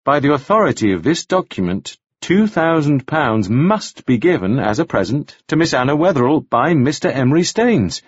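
A male narrator reads a novel in a measured, expressive way. His voice is husky, with a lively pitch. The recording is dry and sounds a little dull. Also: no room sound. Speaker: audiobook narrator. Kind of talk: scripted narration.

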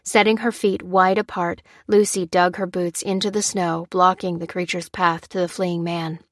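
A woman narrates an action novel in a steady, measured way, her voice sitting on the low side. The sound is dry and close, with no room around it. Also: dry recording. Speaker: audiobook narrator. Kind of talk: scripted narration.

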